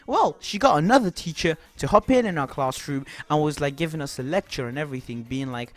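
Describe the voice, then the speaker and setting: A young man telling a rambling, animated story to camera, swearing often. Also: on the high side, a little fast, hardly any pauses. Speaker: vlogger.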